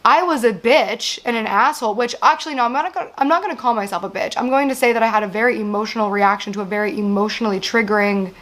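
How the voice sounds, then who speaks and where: Exasperated woman venting, a touch high. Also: fast talker, few pauses, a bit bright. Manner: rambling, frequent "like" and profanity, exasperated venting. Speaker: show host. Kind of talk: candid storytelling monologue.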